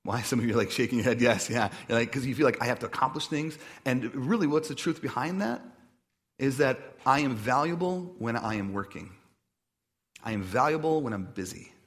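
A man preaching a sermon in an easygoing, conversational style, with a voice neither high nor low. He tells stories with self-deprecating asides and hesitations. On reflective points he drops to a quiet, slowed delivery. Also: expressive. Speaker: pastor.

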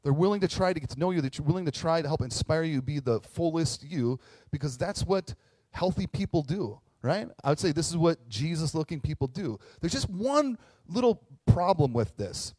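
A man's voice: a little high, normal speed, no room sound. A man in his thirties, a pastor telling a story in a sermon, joking and talking straight to the audience. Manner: animated, jokey, talks to the audience.

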